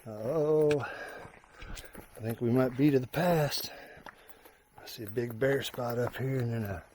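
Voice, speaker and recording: A man's voice: medium pitch, a little slow, mellow, a little hiss or hum. A young man from the US Midwest, narrating a trail hike for his viewers, chatty and openly awed by the scenery. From Indiana, US Midwest. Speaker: hiking vlogger. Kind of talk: casual narration while hiking. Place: outdoors on a mountain trail.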